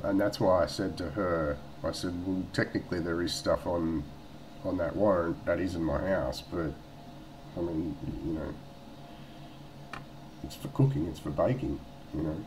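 A man's voice: deep voice, a little mellow, a little hiss or hum, poor audio. A man with an Australian accent talking casually to camera, blunt and rambling, swearing freely. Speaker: vlogger.

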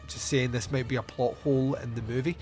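A man's voice: mid-range voice, steady tone, brisk, darkish tone, soft background music. A man hosting a podcast on his own, recapping a film scene by scene in a wry, joking way with asides and fillers. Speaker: podcast host reviewing a film.

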